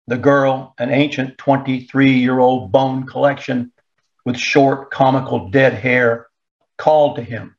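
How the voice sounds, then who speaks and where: Man, audiobook narration, slow, measured, muffled lo-fi sound. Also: medium pitch, little pitch movement. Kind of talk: audiobook reading.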